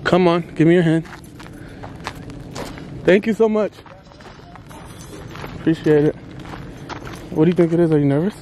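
A woman's voice: on the low side, normal speed, pauses often, mellow. Playful woman vlogging outdoors, noisy. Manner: teasing, playful. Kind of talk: casual vlog chat. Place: outdoors on a farm.

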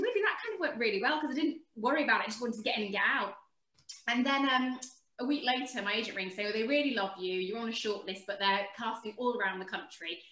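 A woman, telling a lively anecdote as a guest and acting out the quotes. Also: fairly high pitch, roomy sound, poor audio. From England. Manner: animated storyteller, acts out quotes. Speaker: actress guest.

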